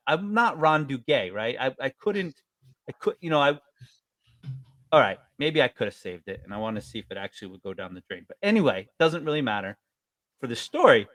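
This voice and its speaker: A middle-aged man from New York State chatting casually as a podcast co-host, telling stories with lively acted-out voices. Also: mid-range voice, dry recording. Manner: animated storyteller, acts out quoted voices loudly. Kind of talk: casual chat.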